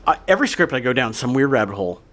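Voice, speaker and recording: A man's voice: mid-range voice, big pitch swings, racing, a bit bright. A middle-aged man co-hosting a podcast in casual chat, reading film trivia with joking asides. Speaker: podcast co-host.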